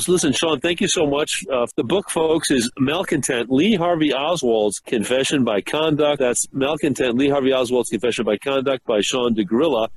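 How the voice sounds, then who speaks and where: A man's voice: medium pitch, normal speed, hardly any pauses, a little hiss or hum, rough recording. A man hosting an interview, chatting casually with his guest and plugging the guest's book. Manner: casual, chatty, wraps up with plugs. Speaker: host. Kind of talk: interview conversation.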